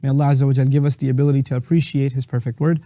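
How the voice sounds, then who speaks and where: Male Quran teacher, rapid and emphatic explainer, dark mellow tone, dry close sound. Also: mid-range voice, level tone, no echo. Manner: explanatory, quick recitation of Arabic verses; emphatic, talks through examples to the listener. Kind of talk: lecture explaining Quranic Arabic.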